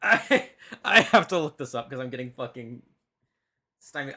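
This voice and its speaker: A reaction video host chatting casually, excitable and laughing often. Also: medium pitch, moderate pace.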